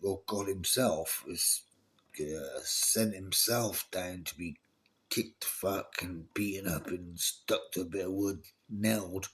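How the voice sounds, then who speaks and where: A man delivering a profane, exasperated ranting monologue, often pleading with his listeners. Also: on the low side. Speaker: video creator.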